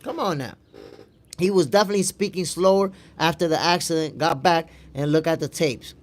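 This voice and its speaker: A boxing show host runs a live stream, commenting and reading chat in a fairly high-pitched voice with fairly even intonation and a brisk pace. He argues his point emphatically, repeating lines for stress and answering viewers. A little hiss or hum is audible.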